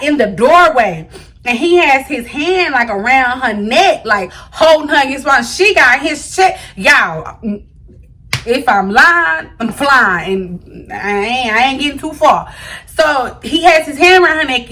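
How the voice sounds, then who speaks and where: A young woman vlogger tells a storytime tale straight to her viewers. Her voice sits high and sounds bright. She talks in an animated, slangy way and addresses the audience directly. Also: measured pace. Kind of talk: storytime vlog.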